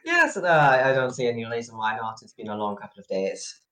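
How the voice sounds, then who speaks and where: A man plays his character at a tabletop game, halting and hesitant, full of uhs and restarts. His pitch swings widely. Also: very animated, fairly bright tone, low-quality recording. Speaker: player.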